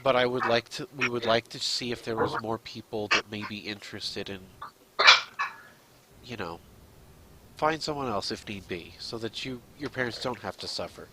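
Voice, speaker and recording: A man's voice: lowish voice, moderate pace, background noise. A man playing a tabletop game who speaks earnestly in character. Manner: polite, earnest. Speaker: player.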